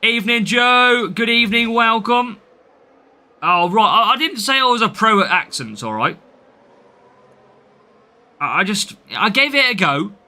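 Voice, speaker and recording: A man's voice: sits high, big pitch swings, a little slow, pauses often, pushed and bright. A man from the English Midlands with a Midlands accent, chatting through a live game stream and answering viewers' comments as he plays.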